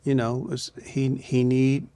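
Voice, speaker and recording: Older man, halting laid-back talk. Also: medium pitch, monotone, clean tone. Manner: halting, repeats words, quotes himself in hushed asides. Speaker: guest. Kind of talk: relaxed interview talk.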